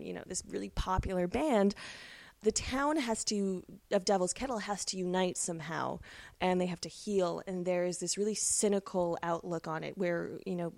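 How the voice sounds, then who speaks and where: Woman, podcast co-host, film talk, enthusiastic, gravelly, dry. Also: on the low side, no echo. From Canada. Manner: enthusiastic, analytical, swears casually. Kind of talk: casual film discussion.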